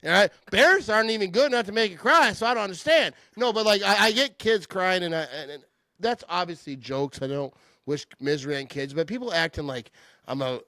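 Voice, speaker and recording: A middle-aged man with a fairly high voice hosts a casual sports chat. He talks animated and trash-talking, and laughs often. The sound is dry and close, with no room in it. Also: a little fast, no echo. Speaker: podcast host.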